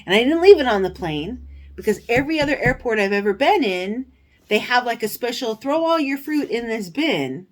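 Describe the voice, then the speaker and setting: A woman hosting a stitching vlog, telling a story in a casual, animated way with indignant, sarcastic asides. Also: a little high, normal speed. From United States. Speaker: cross-stitch vlogger, show host.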